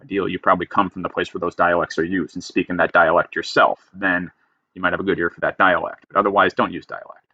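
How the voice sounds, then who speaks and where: A man's voice: sits low, fairly even intonation, quick pace, sharp tone, no echo, dull audio. A man teaching creative writing, reading style rules aloud and explaining each one emphatically. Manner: emphatic, reads a rule then explains it plainly. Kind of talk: lecture reading rules with commentary.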